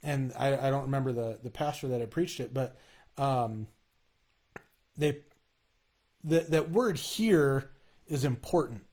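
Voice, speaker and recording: A man's voice: medium pitch, darkish tone, husky. Guy chatting earnestly about faith, lots of stops and restarts, regular mid voice. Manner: earnest, halting, many restarts. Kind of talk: casual faith conversation.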